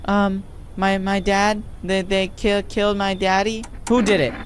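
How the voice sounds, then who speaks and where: Man playing a shaky little girl, high, trembling, light background noise. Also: level tone, measured pace. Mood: scared. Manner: stammering, shaky. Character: frightened little girl whose father was killed.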